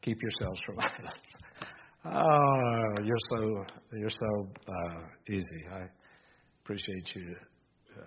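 An older man preaching a sermon, reading scripture aloud and moving between hushed musing and rising, emphatic exhortation. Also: fairly low pitch, slow pace, dull audio, noisy background. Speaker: pastor.

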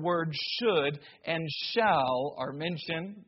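Slow, high-voiced preacher, muffled sound. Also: male voice. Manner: slow, emphatic preaching with dramatic pauses and rising emphasis. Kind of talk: sermon.

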